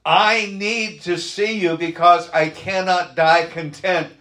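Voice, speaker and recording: A man's voice: high voice, fairly even intonation, takes it slowly, pushed and bright, pitched above the performer's own voice, full character voice. A man voicing an elderly father in a sermon story, with a quivering, pleading voice raised well above his own. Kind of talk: sermon illustration.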